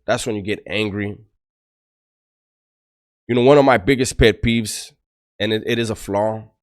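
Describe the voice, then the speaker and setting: A middle-aged man, a former prisoner, giving blunt life advice and rambling prison stories to the camera, swearing freely. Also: lowish voice. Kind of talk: casual storytelling to camera.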